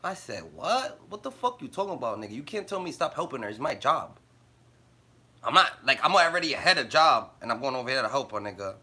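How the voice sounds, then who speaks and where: Bright, animated man ranting on a live stream. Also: mid-range voice, quick pace. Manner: profane, blunt storytelling with street slang; laughs often while talking. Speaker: livestreamer. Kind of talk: casual live-stream rant.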